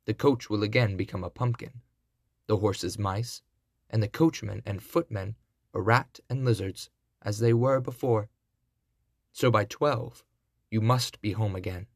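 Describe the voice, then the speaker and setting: A man voicing a kindly little old fairy godmother in a storybook reading, gentle but commanding. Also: a little slow, no room sound, clean studio sound. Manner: gentle, commanding, higher and brighter than his narration.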